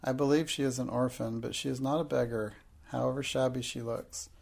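A man's voice: mid-range voice, steady tone, fairly quick, gravelly, a little mellow. A man reading a storybook, voicing a sensible little girl who speaks decisively.

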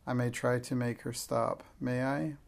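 A man reading aloud voices a calm, thoughtful young girl who speaks quietly and gently, with a gravelly tone. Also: medium pitch, measured pace, noisy background. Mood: gentle.

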